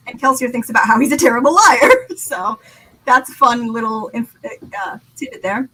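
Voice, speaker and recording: An excitable woman co-hosting a casual book chat, her voice sitting a little high. She laughs often and reads passages aloud with feeling. A faint hum of noise sits behind her. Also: normal speed, poor audio. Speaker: podcast co-host.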